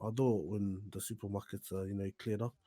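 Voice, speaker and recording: A man's voice: fairly low pitch, steady tone, brisk, mellow. A young man with a New Zealand accent chatting as a podcast guest, laughing, swearing and playful. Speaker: guest musician. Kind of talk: casual podcast chat.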